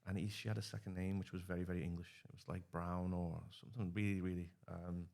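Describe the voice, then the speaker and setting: Low voiced guy in his 30s, talks fast, rambly storyteller on a podcast. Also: little pitch movement, gravelly, darkish tone. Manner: rambling storyteller, acts out quoted dialogue. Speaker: podcast guest. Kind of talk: casual chat.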